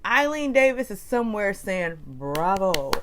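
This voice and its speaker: A woman's voice: fairly low pitch, sing-song, moderate pace, noisy background. A woman hosting a casual reality TV recap with a chatty, gossipy manner. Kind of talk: casual commentary.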